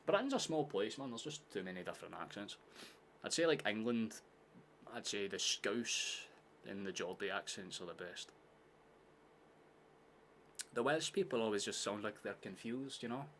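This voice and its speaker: A Scottish man from near Glasgow streaming a football watchalong, chatting casually, swearing freely and shouting out at chances. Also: fairly low pitch, animated, normal speed, long pauses, slight background noise. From Scotland, near Glasgow. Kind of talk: casual live-stream chat and match commentary.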